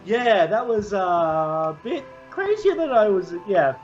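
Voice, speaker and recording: A man acting as game master, narrating a tabletop game slowly with drawn-out phrasing and fillers. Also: sits high, big pitch swings, highs cut off, soft background music.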